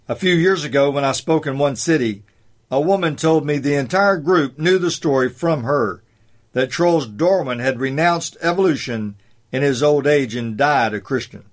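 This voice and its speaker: A man reading his own essay commentary aloud in a measured, deliberate way, slowing down to stress his points. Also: a little high.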